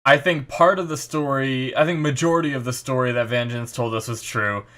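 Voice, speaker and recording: A man's voice: medium pitch, fairly even intonation, a little fast, a bit bright. A young man hosting an anime reaction, talking casually on his own in a rambling, speculative way with lots of fillers and restarts. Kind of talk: casual solo commentary.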